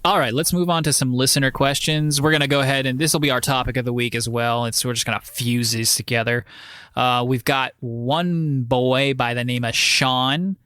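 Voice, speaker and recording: A man's voice: mid-range voice, steady tone, normal speed, bright, forceful tone, clear, resonant tone, no room sound, clean studio sound. A man co-hosting a gaming podcast in casual chat, joking and teasing his co-host.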